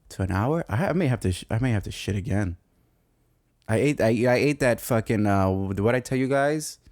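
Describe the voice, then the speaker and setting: A young man with a New York accent, telling a camping story as a podcast host in a loose, profane, animated way, laughing often. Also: on the low side, dry recording, studio quality. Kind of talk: casual storytelling monologue.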